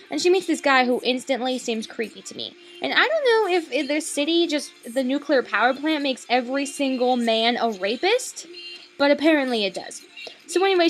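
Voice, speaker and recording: Young woman ranting about a movie, kinda high voice that jumps all over, sweary and sarcastic, lots of likes and ums. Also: slight background noise. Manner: sweary, sarcastic, rambling with many fillers. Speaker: vlogger reviewing a film. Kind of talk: casual rambling film review.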